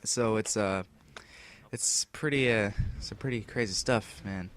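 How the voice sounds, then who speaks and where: A man's voice: fairly low pitch, a little slow, a bit bright, a little hiss or hum. Rambling teenage boy telling a story. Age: teens. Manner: rambling, filler-heavy, with restarts and acted-out quotes. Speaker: gameplay commentator. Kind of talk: casual storytelling over gameplay.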